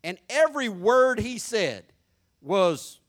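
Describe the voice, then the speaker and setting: A pastor with a Southern country accent preaching a folksy, mocking sermon, swinging from hushed asides to loud hooping. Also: male voice, high-pitched, sing-song, slow pace.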